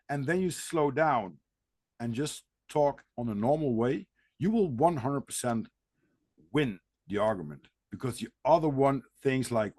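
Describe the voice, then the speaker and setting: A podcast host with as a talks through his ideas in a relaxed, conversational way. His voice sits mid-range, and it is recorded dry and close. He breaks into playful sound effects to act out his points. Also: medium pitch, normal speed, no room sound. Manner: animated, acts out little scenes with mimicked sounds. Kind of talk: casual conversation.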